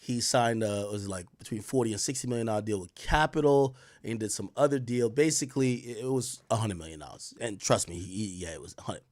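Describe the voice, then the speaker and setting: A young man hosting a show, telling a story to viewers in a casual, profane and slangy way, with loud exclaims and quiet asides. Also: fairly low pitch, a little fast, few pauses, no room sound. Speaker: show host.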